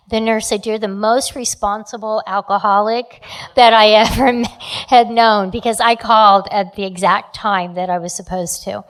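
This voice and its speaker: A woman in her fifties or sixties, from New Jersey, candidly telling her recovery story at a meeting, often pausing on fillers and restarting sentences. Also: mid-range voice, clear, resonant tone. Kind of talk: sharing a personal recovery story.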